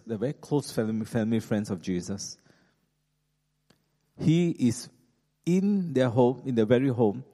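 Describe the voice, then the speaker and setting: A man preaching a sermon in an animated, conversational way, with many fillers, restarts and chuckling asides. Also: on the low side. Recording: echoey hall.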